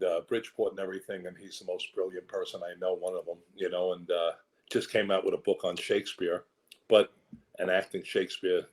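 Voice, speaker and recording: A man's voice: deep voice, darkish tone, rough recording. Older man with a New York accent. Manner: rambling anecdotes, acts out quoted voices. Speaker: actor guest. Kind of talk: casual interview storytelling.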